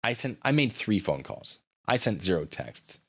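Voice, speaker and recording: A man's voice: moderate pace, husky. A man hosting a livestream, commenting on messages in a mocking, sarcastic way. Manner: lively, swinging pitch. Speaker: livestream host.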